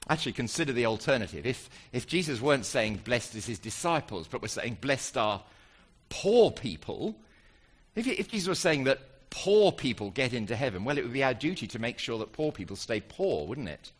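A man's voice: medium pitch, quick pace, few pauses. A man preaching a sermon, asking the congregation rhetorical questions and reading scripture aloud. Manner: animated, asks rhetorical questions.

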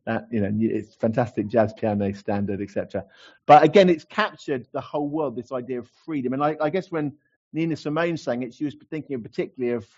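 A man in his forties preaches in a relaxed, conversational way. He fills pauses with ums and restarts his sentences. His voice sits at a middle pitch, and the church recording sounds a little dull. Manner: chatty, self-deprecating, many fillers and restarts. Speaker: pastor. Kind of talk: sermon.

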